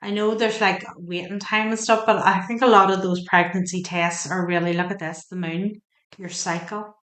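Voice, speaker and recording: A woman's voice: lowish voice, fairly even intonation, moderate pace, a bit bright, echoey room. A woman giving a tarot reading, chatty and emotional, asking the cards questions aloud as she turns them. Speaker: tarot reader. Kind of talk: spoken tarot card reading.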